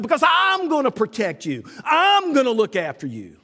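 A male preacher with a high voice delivers a folksy sermon a little fast, with hardly any pauses. He acts out conversations with God in lively voices, and the recording echoes as in a reverberant hall.

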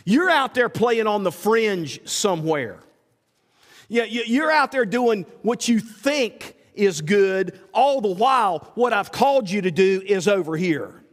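A man's voice: sits high, expressive, unhurried. A man preaching a sermon as a pastor, asking rhetorical questions and repeating himself as he builds his points. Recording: long hall reverb.

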